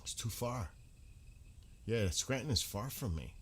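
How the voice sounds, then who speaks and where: A man's voice: mid-range voice, expressive, a little slow, breathy edge. A man with a New York accent hosting a casual night-sky livestream outdoors, chatting with viewers and answering them by name. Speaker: livestream host. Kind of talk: casual live-chat skywatching stream. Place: outdoors at night, dark rural area.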